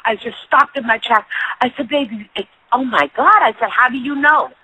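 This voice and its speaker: A woman in casual conversation on a call-in radio show, telling lively stories and acting out the dialogue. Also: fairly high pitch, normal speed, husky, low-quality recording. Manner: animated storyteller, acts out quoted dialogue. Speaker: guest. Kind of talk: casual chat.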